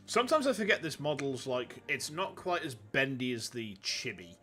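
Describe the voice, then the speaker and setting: Yorkshire guy streaming, tired and chatty, bright voice. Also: mid-range voice, very animated, moderate pace, few pauses, soft background music. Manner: chatty and rambling. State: tired, with a cold. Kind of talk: casual game stream chat.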